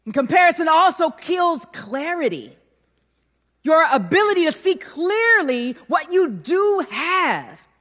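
Lively, high-voiced woman preaching. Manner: animated, emphatic storytelling. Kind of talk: sermon with personal storytelling. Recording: long hall reverb.

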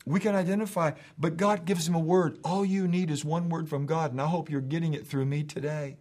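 A man's voice: a little high, steady tone, a little fast, darkish tone. A middle-aged man preaching a sermon as pastor in his church, emphatic, with repeated phrases that build to rising calls.

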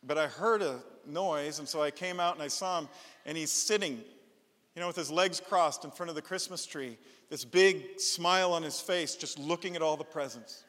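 A man's voice: a little high, normal speed. A middle-aged man preaching a sermon as pastor, telling stories with playful asides. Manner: animated storytelling with playful asides. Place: church sanctuary. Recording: long church reverb.

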